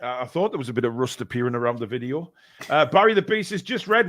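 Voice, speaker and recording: Talking fast with lively intonation, a man with a fairly bright, medium-pitched voice runs a fan live stream. He jokes and rambles as he reads donations aloud, using lots of fillers.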